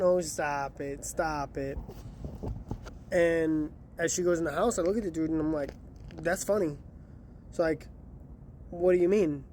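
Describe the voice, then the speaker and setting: A man's voice: a little high, darkish tone, slight background noise. A man casually telling a story about delivering pizza, acting out the lines of the people in it. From Chicago area. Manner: chatty, acts out quotes.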